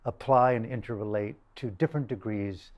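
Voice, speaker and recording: An older man giving a dharma talk to a group, emphatic and deliberate, repeating phrases for stress. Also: fairly low pitch, steady tone, highs cut off. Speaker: dharma teacher.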